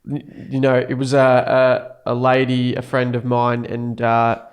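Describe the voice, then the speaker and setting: Young aussie guy, mid-pitched voice, jokey podcast banter and show plugs. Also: completely flat delivery, a little slow, clean tone. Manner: chatty, jokey, plugs the show with cheeky asides. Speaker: podcast co-host. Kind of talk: casual chat.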